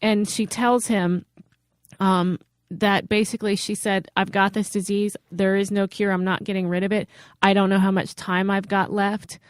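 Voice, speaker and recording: A woman's voice: mid-range voice, level tone, moderate pace, clean tone, no room sound, clean studio sound. A woman co-hosting a comedy podcast, telling a story and teasing the others. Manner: teasing, tells stories at an easy pace. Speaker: podcast co-host. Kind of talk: casual storytelling chat. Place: podcast studio.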